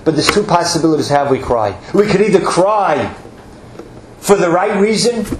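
A man's voice: a little high, expressive, moderate pace, slight background noise. A man giving an earnest sermon, stretching out words for emphasis and weaving in Hebrew terms. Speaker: rabbi. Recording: echoey room with faint ambience.

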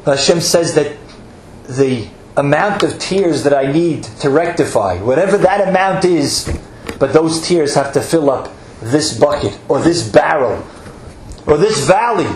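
A rabbi with a slightly high, darkish voice preaches an earnest sermon in an animated way at a measured pace, elongating words for emphasis and weaving in Hebrew terms. The echoey room has faint ambience, with slight background noise.

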